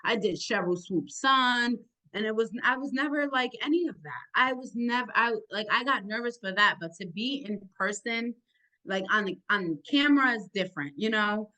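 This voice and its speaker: A young woman sports podcaster with a deep, thick accent, answering interview questions eagerly and gratefully. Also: normal speed. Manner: eager, animated and grateful, speeds up in bursts.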